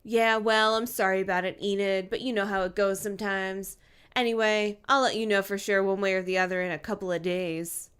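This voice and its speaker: Woman reading a careless teen boyfriend, smooth clear voice, casual brush-off. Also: mid-range voice, fairly even intonation, brisk, a bit bright, natural voice. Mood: dismissive.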